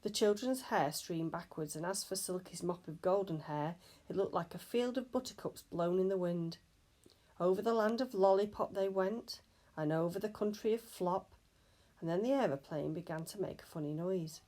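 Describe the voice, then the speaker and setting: A woman reading a children's novel aloud with steady, clear storytelling. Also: on the low side, moderate pace. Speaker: storybook reader.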